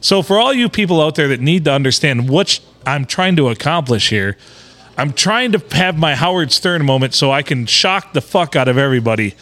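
A man's voice: fairly high pitch, brisk. A man co-hosting a podcast from a bar, telling crude jokes with lots of swearing. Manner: profane, joking, animated. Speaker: podcast co-host. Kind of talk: crude casual banter.

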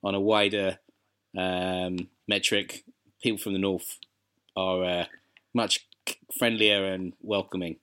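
A man talks in a fairly low voice on a chatty podcast. He rambles and hesitates, restarting his sentences as he thinks aloud. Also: little pitch movement, slow, fairly bright tone, smooth. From South London. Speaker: podcast co-host. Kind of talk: casual chat.

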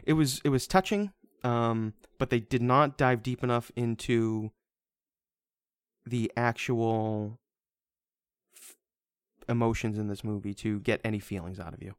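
A man's voice: mid-range voice, steady tone, measured pace, pauses often, clear, resonant tone, no room sound. A man in casual podcast chat reviewing a movie, rambling and stammering with frequent swearing. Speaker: podcast co-host.

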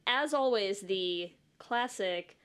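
A woman's voice: mid-range voice, expressive, slow pace, fairly bright tone, clean tone. A woman hosting a podcast, chatting casually and joking with her guests. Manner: playful, laughing, joking. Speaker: podcast host.

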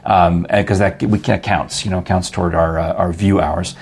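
Gravelly, low-voiced older New man. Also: steady tone, normal speed, darkish tone. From New York. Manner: chatty, jokey, rambling asides with laughs. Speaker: podcast host. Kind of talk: casual interview chat.

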